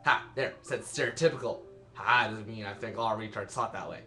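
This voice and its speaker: A man's voice: fairly low pitch, a little fast, bright, forceful tone. A young man giving rambling, self-mocking let's-play commentary and laughing at his own jokes. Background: game music.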